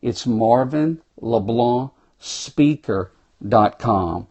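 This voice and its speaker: Over a muffled recording, a motivational speaker from South Louisiana with a Cajun accent delivers an exuberant, folksy talk to phone livestream viewers from a small room. His medium-pitched voice is animated and a little mellow, and he draws out his words.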